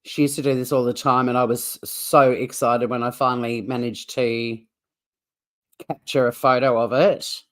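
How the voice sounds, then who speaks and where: A woman's voice: extremely low pitch, flat delivery, normal speed. An Australian woman hosting a casual livestream, chatting to viewers in a rambling way with frequent laughs. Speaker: livestream host.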